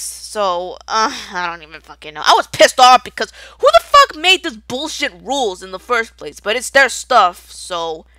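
A woman's voice: a little high, sharp tone, no room sound. A young woman in an unscripted rant, angry and profane, rambling with stutters and restarts. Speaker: video creator.

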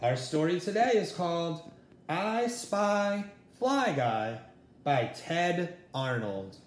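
Slow, animated man reading a storybook. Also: a little high, reverberant. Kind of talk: children's book read-aloud.

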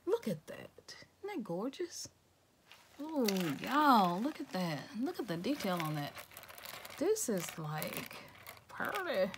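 A woman opening gifts in a casual vlog, excitable and chatty, talking straight to her viewers and slipping into whispers now and then. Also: medium pitch, slow pace, background noise. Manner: excitable, addresses viewers as "y'all", slips into whispers.

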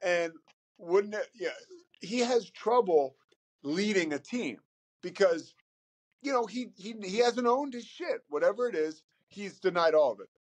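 A man talking casually as a podcast guest, animated and rambling, often repeating words as he starts a thought. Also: high-pitched, measured pace. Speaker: podcast guest, sports broadcaster. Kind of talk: casual conversation.

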